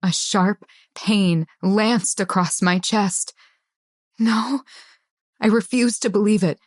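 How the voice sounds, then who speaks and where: A woman narrating an audiobook in a tense, measured first-person style. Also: mid-range voice, a little mellow, dry recording, clean studio sound.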